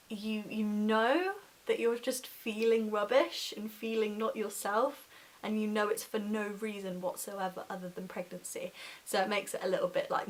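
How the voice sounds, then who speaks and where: A pregnant woman in her twenties gives a casual vlog update in a mid-range, fairly bright voice. She's chatty and giggly, fills her speech with "like," and sometimes runs out of breath while talking.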